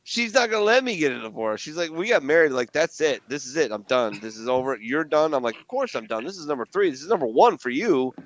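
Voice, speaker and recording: A middle-aged man hosting a podcast, telling stories in casual, profane, animated chat. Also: fairly high pitch, quick pace, few pauses, dull audio. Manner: animated storytelling with profanity and laughter. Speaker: podcast host.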